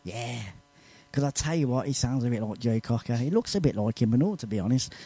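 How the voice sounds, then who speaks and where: A male radio presenter, reading out listener messages in a chatty, animated way and laughing between lines. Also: mid-range voice, brisk, husky, dry recording. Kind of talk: live radio shout-outs.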